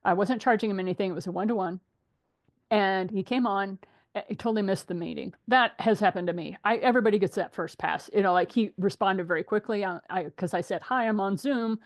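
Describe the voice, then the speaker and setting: A woman's voice: mid-range voice, fast. Middle-aged woman host telling stories. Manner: animated storytelling, laughs often. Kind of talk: casual group chat.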